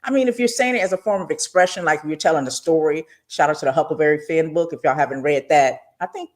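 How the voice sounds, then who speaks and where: A middle-aged woman hosting a radio talk show, telling stories in a casual, expressive way with frequent asides to her listeners. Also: deep voice, fast talker.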